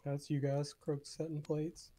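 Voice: medium pitch, level tone, unhurried, dark tone. A player in a tabletop game, talking in an easygoing, understated way.

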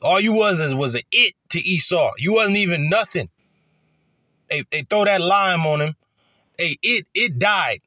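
Man, fiery profane sermon, bright tense voice, acts out voices, dry close sound. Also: high-pitched, animated, measured pace, no room sound. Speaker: street preacher. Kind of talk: profane scripture preaching.

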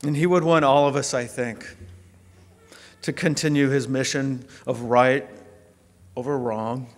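Man, heartfelt eulogy, mid pitch, long hall reverb. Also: steady tone, measured pace. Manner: earnest and heartfelt. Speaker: eulogy speaker. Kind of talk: memorial speech. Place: large hall.

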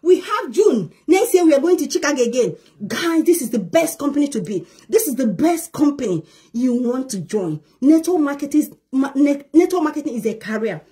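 Exuberant woman networker pitching live on video; very high, animated voice, shrieking and laughing. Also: a little fast. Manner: laughs often while talking. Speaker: network marketer. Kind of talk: excited promotional live video.

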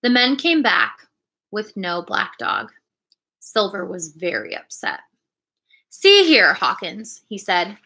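A woman reading a classic adventure storybook aloud in a clear, expressive storytelling manner. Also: on the low side, slow pace. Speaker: reader.

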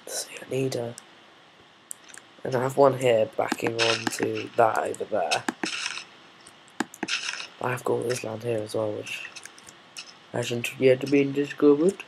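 A man's voice: mid-range voice, steady tone, takes it slowly, vocal fry, pauses often, background noise. A man casually commenting on his own gameplay, muttering, swearing and thinking aloud while he builds. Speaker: gameplay video maker.

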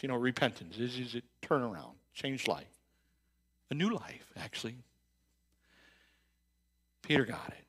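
A man preaching a sermon in a church, talking in a conversational way with many restarts and repeated words, rising to loud emphatic bursts and dropping to quiet reflective stretches. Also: medium pitch, animated, unhurried, long pauses, husky. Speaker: pastor. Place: church sanctuary.

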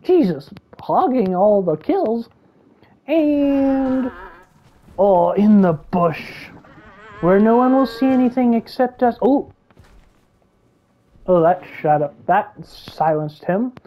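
Excitable woman doing gameplay commentary. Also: mid-range voice, slow, pauses often, highs cut off. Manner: excitable, gasping and laughing reactions. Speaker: gaming YouTuber.

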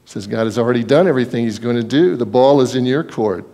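Speaking fast in a mid-range voice, a male pastor preaches with emphasis, throwing rhetorical questions at his congregation. His delivery swings from loud to hushed.

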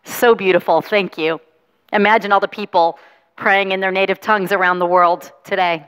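A woman pastor reading the gospel, then talking gently with children, coaxing and encouraging them. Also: mid-range voice, steady tone, moderate pace, clear, resonant tone. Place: large church sanctuary. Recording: long reverb of a church hall.

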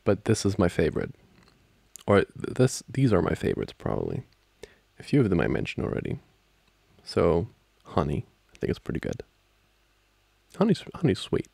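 A young man in a whispered role-play as a boyfriend, soft-spoken and playful, laughing often, close to the microphone. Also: deep voice, huge pitch swings, normal speed, creaky, long pauses, husky, no echo.

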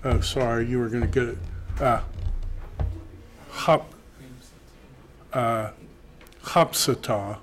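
A man teaching a Greek class, slowly reading Greek aloud and then translating it. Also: mid-range voice, steady tone. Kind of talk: classroom lecture.

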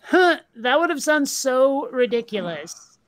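A woman chatting casually in a group conversation, animated and wry. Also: sits high, unhurried, no room sound. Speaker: live stream co-host.

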